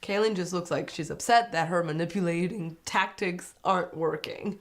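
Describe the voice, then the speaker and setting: A young woman doing a casual, opinionated recap of a reality show, chatty and sarcastic, sometimes mimicking people in a high mocking voice. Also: normal speed, hardly any pauses.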